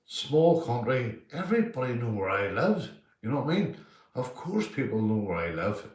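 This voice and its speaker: A man's voice: on the low side, echoey room, distant mic. A man of about fifty-five with a Northern Irish accent, chatting casually on a livestream, rambling, swearing and repeating himself. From Northern Ireland. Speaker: livestream host. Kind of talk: casual live chat reading comments.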